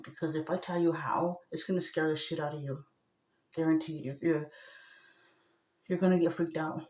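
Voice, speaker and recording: Speaking to the camera in a rambling personal monologue, a woman sounds agitated, shifting from a low murmur to loud outbursts. The recording has a roomy sound.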